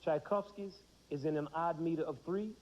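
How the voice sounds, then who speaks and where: A man's voice: a little high, normal speed, darkish tone. A man in his thirties teaching a music lesson to children, asking the class questions and answering them himself. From United States. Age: 30s. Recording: dull 1990s TV broadcast.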